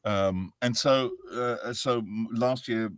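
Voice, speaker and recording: Animated, rambling middle-aged English actor. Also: male voice, medium pitch, clear, resonant tone, no echo, studio quality. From England. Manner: animated, rambling, quick to slip into voices. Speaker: guest, voice actor. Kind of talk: casual interview chat.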